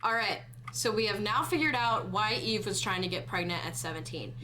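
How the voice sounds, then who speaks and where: A woman's voice: medium pitch, expressive, fairly quick, pushed and bright, slight background noise. An American woman doing chatty let's-play commentary, thinking aloud and humming bits of songs as she plays. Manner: chatty, thinks aloud, hums and sings snatches. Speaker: streamer. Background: music.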